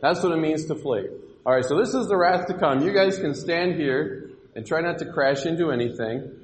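A man's voice: fairly high pitch, animated, moderate pace, a little hiss or hum. Upbeat man teaching kids in an echoey hall. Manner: upbeat, coaxing, directs kids with questions. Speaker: children's Bible teacher. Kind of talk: interactive children's Bible lesson. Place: church hall with children. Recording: echoey hall with long reverb.

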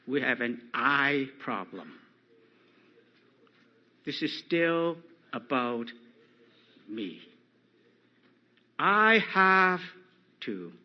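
A man preaching a sermon, slow and emphatic, rising loud when he quotes scripture. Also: mid-range voice, slightly rough, highs cut off.

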